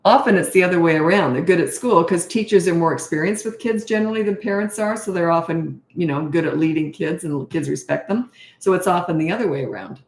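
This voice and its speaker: A woman's voice: on the low side, quick pace, roomy sound. A middle-aged woman, a parenting coach, chatting and rambling casually on a live-stream Q&A, self-deprecating.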